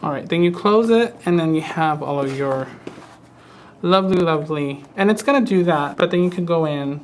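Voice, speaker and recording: A man's voice: a little high, normal speed, slight background noise. Hesitant man demonstrating crafts. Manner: relaxed, hesitant, repeats words. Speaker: craft instructor. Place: studio.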